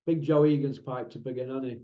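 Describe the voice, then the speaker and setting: A man's voice: mid-range voice, steady tone, fast talker. A man with a northern English accent, hosting his own channel in a blunt, mocking, combative rant to camera. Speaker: channel host. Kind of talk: ranting monologue to camera. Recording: roomy, dull lo-fi sound.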